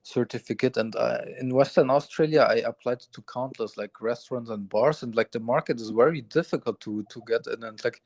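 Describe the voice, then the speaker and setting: Host: man, mid-pitched, halting, casual questions full of "uh". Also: a little mellow. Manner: hesitant, many "uh" fillers. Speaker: podcast host.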